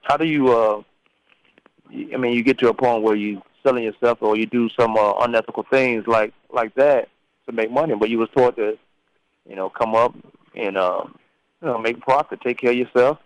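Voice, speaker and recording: Halting male radio co-host. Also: medium pitch, steady tone, clear, resonant tone, no echo, rough recording. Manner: halting, many fillers and restarts. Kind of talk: sports talk radio discussion.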